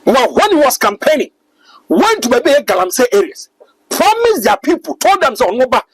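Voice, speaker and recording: A man's voice: very high voice, sing-song, normal speed, no room sound, rough recording. A Ghanaian man giving emphatic, preachy political commentary as a talk-show guest, switching between English and Twi.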